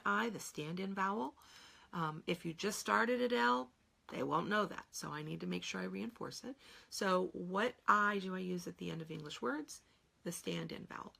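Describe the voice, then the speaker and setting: A woman's voice: mid-range voice, gravelly, a bit bright, husky. A middle-aged woman teaching spelling in a live online Q&A, explaining patiently and sounding words out syllable by syllable. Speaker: spelling trainer.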